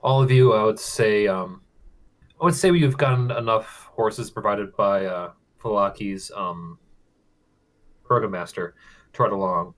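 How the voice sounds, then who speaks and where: A man running a tabletop game as game master, narrating the scene in a measured way with frequent pauses and "um"s. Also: on the low side.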